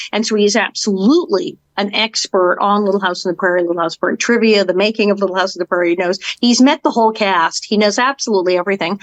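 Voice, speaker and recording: A woman co-hosting a podcast, introducing a guest with enthusiastic, quick storytelling in a casual chat. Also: mid-range voice, no room sound, rough recording. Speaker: podcast co-host.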